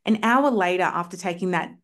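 A woman's voice: lowish voice, fairly quick, fairly bright tone. A woman homeopath telling personal stories as a podcast guest, enthusiastic and chatty, with lots of filler words. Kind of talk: casual storytelling in a podcast interview.

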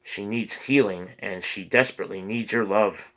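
A man's voice: on the low side, normal speed, a bit bright, rough recording. A man reading the lines of an earnest priest who pleads with his congregation for peace. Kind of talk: audiobook character reading.

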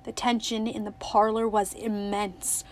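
A woman narrating a novel in steady, expressive audiobook style. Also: mid-range voice, a little slow.

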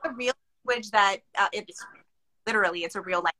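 Bright-voiced woman host from Hawaii. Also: mid-range voice, quick pace, poor audio. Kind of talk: casual chat.

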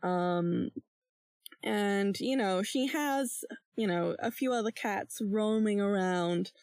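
A woman's voice: mid-range voice, takes it slowly, darkish tone, dry recording. A young woman player narrating a tabletop game in a rambling, laid-back way with many fillers.

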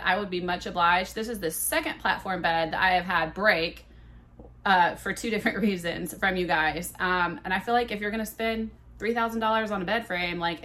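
A woman in her thirties, a podcast host, telling a candid, profane story in a casual, animated way. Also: medium pitch.

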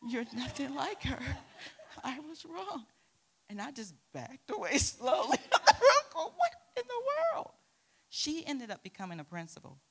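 A middle-aged woman preaching to a youth group, telling a personal story with lively acted-out quotes. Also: lowish voice. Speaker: youth pastor.

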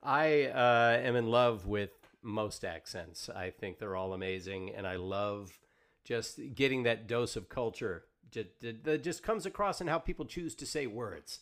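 A man's voice: medium pitch, expressive, unhurried, fairly bright tone. Easygoing man hosting a podcast. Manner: reads out viewer questions with hesitant fillers. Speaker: podcast host. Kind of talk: casual interview chat.

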